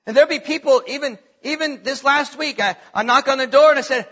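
A man's voice: extremely high pitch, a little fast, fairly bright tone, lo-fi sound. A man preaching a sermon as pastor, reading scripture aloud with bursts of emphasis.

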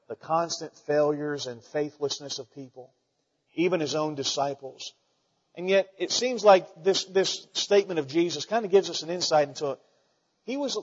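A man's voice: on the high side, slightly rough, dull audio. Folksy preacher man in echoey hall. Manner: folksy, animated preaching with rhetorical questions. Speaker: pastor. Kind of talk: sermon.

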